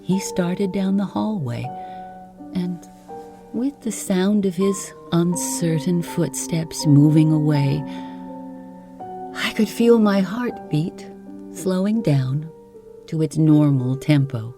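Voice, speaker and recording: Slow, soft-spoken woman sleep storyteller. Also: fairly low pitch, over music. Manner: soft and calm. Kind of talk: slow bedtime story reading.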